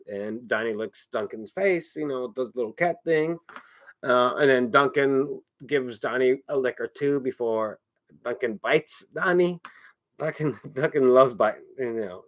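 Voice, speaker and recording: A man chatting casually on his own, rambling, swearing often and repeating himself. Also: medium pitch. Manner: rambling, profane, repeats phrases. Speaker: streamer.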